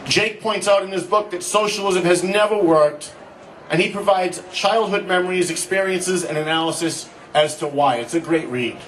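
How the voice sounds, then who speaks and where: A man at an outdoor rally introducing the next speaker, reading with some halting restarts. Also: sits high, fairly even intonation, fairly bright tone. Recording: distant mic with faint noise.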